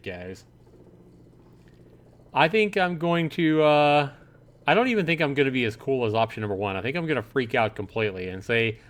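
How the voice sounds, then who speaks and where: Streamer, male, mid-pitched voice, reads game text and riffs to viewers, jumps higher when he acts out reactions. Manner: animated, voices his own reactions in a higher, louder pitch. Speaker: streamer playing a visual novel. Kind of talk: livestream commentary, reading game text aloud.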